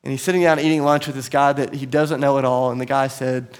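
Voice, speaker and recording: A man preaching a sermon as pastor, telling a story earnestly and sometimes dropping to soft, quiet tones. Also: medium pitch, level tone, quick pace. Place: church sanctuary.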